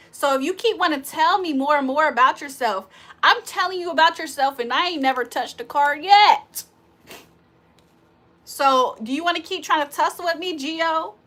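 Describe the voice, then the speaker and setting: High, bright woman trash-talking her live chat. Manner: trash-talking, laughs loudly. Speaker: livestream host reading chat.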